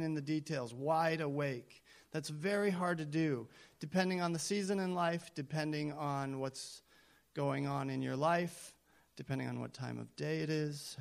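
A male pastor delivers a sermon in a relaxed, conversational way, using a voice that sits a little high for a man. He jokes at his own expense and drives points home by repeating them. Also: moderate pace, vocal fry. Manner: conversational, self-deprecating, emphatic repetition.

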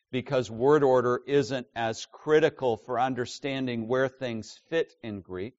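A man preaching a Bible sermon, stressing key words loudly and dropping to quiet asides. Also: dry recording, muffled recording. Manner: emphatic teaching, swinging between loud stresses and low asides. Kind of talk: expository sermon.

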